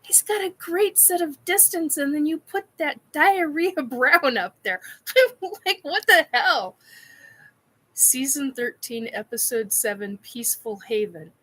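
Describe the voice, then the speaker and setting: A woman's voice: sits high, expressive, a little slow, hardly any pauses, fairly bright tone. A woman hosting a casual live chat, giddy, laughing often and swearing while she answers comments. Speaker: live stream host. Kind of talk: casual live chat reacting to a painting video.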